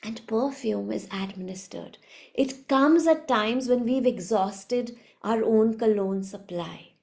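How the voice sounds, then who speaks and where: A woman giving a reflective spiritual talk as a teacher, soft-spoken and unhurried. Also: a little high, gravelly.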